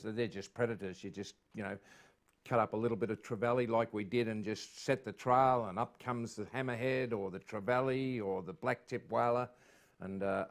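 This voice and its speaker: Australian man, studio show host, chatty and laughing, answering viewers. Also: mid-range voice. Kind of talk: live studio show chat.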